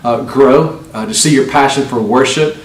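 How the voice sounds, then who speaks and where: A man's voice: mid-range voice, moderate pace. Upbeat pastor-type man, roomy echo. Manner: warm, encouraging. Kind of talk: farewell message. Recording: echoey, distant.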